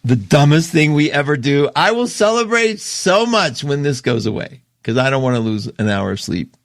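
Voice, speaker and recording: A man hosting an astrology show, talking casually and emotionally, opinionated and quick to laugh. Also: on the high side, big pitch swings, dry recording, clean studio sound. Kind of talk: casual livestream talk.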